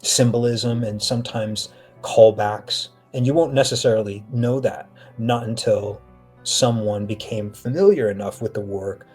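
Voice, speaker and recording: Husky, animated male storyteller. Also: fairly low pitch, unhurried, faint music behind. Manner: animated storyteller who acts out quotes. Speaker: author and actor, podcast guest. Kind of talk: casual interview talk.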